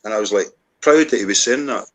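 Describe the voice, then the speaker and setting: A Scottish man telling stories in casual chat, lively and swearing freely. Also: fairly low pitch, fast talker. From Scotland. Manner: animated, swearing, storytelling. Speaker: co-host.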